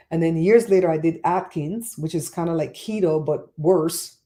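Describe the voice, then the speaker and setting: Middle-aged woman livestream host, chatty and animated, mellow lower voice. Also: normal speed, hardly any pauses. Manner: chatty, animated storyteller reading chat. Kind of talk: casual livestream chat.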